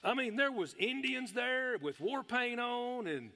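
A middle-aged man preaching a sermon, folksy and excitable, breaking into shouts of praise. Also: very high voice, a little slow. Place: church hall. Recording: long hall reverb.

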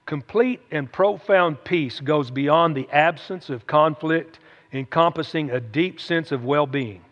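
In a hall full of echo, on a dull lo-fi recording, a man preaches at a measured pace in a fairly high, slightly bright voice. His delivery is folksy and conversational, punctuated by frequent "amen?" call-outs to the congregation.

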